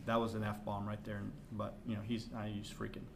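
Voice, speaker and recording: A middle-aged man co-hosting a podcast, telling a story in a casual, animated way that swings between hushed asides and loud outbursts. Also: fairly low pitch, a little fast, vocal fry. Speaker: podcast co-host.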